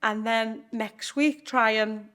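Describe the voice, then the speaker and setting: A woman's voice: a little high, steady tone, slow, sharp tone. A young woman hosting a podcast, talking casually with rambling asides and easy laughs. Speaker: podcast host. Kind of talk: casual conversation.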